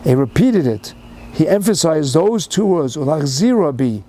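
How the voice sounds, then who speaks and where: A man's voice: fairly high pitch, animated, unhurried, warm tone, slight background noise. Older man telling a fervent sermon story. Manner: mixes Yiddish and Hebrew words into English; retells a story with rising, emphatic fervor. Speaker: speaker giving a Torah talk.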